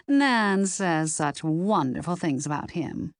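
A woman voicing an exuberant middle-aged mother who talks loudly and with enthusiasm. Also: on the low side, expressive, slow pace, no echo, clean studio sound. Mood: gushing. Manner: loud, enthusiastic.

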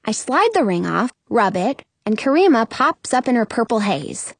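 A woman narrating a children's story in the first person, expressive and storytelling. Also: on the high side, normal speed, no echo. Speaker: audiobook narrator.

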